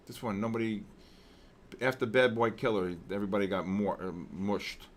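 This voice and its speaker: A man hosting a live trading session, excitedly shouting out viewers' names with heavy market jargon, then dropping to weary muttering over questions. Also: normal speed, slight background noise. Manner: drops to low, weary muttering while reading questions. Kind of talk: live trading-stream commentary.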